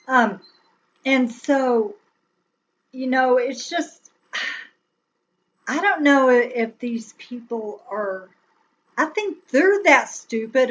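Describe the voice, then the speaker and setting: A woman's voice: high-pitched, expressive, drawn-out words, long pauses, poor audio. A woman chatting on a live stream, rambling and laughing often as she talks to her viewers. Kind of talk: casual political chat on a live stream.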